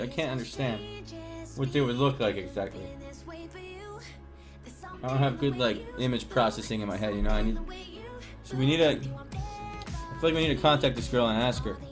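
A young adult man streaming from home, talking in a casual, crude and rambling way while he plays. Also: mid-range voice. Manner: crude, rambling, profane banter. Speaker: live streamer.

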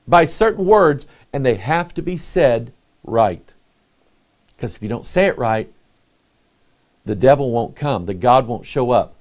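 A man's voice: on the high side, a little mellow. Folksy man preaching a sermon. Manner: folksy, conversational preaching with rhetorical checks; reads King James scripture aloud. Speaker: pastor. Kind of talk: sermon teaching with scripture reading.

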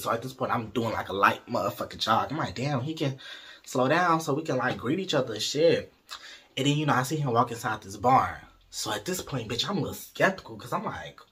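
Man, very husky voice, bright edge, animated gossipy storytime, swears freely. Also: mid-range voice. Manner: animated, profane, gossipy, addresses listeners as y'all and baby. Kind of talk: casual storytime monologue.

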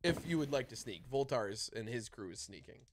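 A man narrating a tabletop game as dungeon master, describing scenes with lively swings in loudness. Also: mid-range voice, brisk, background noise.

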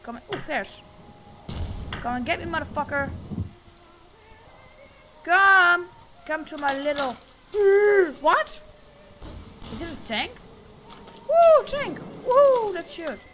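Jumpy high-voiced woman playing a horror game. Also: very animated, slow, pauses often, background noise. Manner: jumpy, swears a lot, yells at enemies. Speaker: gameplay streamer. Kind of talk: horror game let's play commentary. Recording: loud game music behind the voice.

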